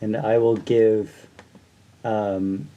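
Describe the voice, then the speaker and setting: Woman, tabletop player, hesitant, slow, mellow dark tone. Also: a bass voice, level tone, dull audio. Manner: hesitant, full of ums. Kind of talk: playing a tabletop game.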